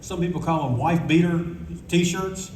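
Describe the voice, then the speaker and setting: A man's voice: a little high, unhurried, a little mellow, far from the mic, a little hiss or hum. Man swapping candid convention stories. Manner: rambling, candid, swears freely. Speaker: convention panelist. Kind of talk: casual anecdotal storytelling. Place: convention panel room. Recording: echoey room recording from afar.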